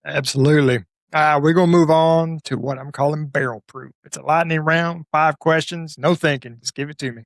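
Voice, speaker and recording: Gravelly-voiced male podcast host. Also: a little high, fairly even intonation, fairly quick, few pauses, no echo, studio quality. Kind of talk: casual interview.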